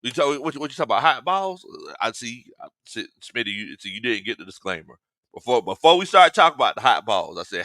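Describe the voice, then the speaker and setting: Man, sports talk host, lively pitch, dry close sound. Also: fast, no echo. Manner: animated, joking, laughs often. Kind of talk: casual live-stream chat reading fan comments.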